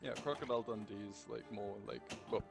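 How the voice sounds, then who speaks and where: A man talks through a gaming session in a relaxed, rambling way, his voice pitched low with a gravelly rasp. Loud game music plays throughout. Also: fast. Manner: relaxed, explanatory, filler-heavy. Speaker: co-player, stream guest. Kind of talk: casual gaming chat.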